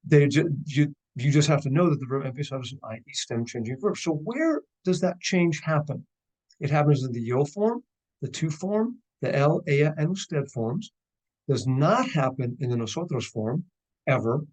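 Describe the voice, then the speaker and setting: A man teaching a recorded grammar lesson over screen share, chatty and relaxed, slowing down for careful drills. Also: fairly high pitch. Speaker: Spanish teacher.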